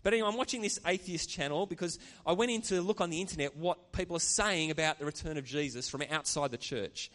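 A man's voice: on the high side, quick pace, hardly any pauses, a bit bright, long reverb tail. A man preaching a sermon as pastor, earnest and conversational, with chatty asides to the congregation. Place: church.

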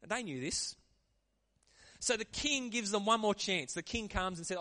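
Lively pastor preaching. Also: male voice, high voice, unhurried. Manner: lively, conversational preaching with frequent laughs. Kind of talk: sermon.

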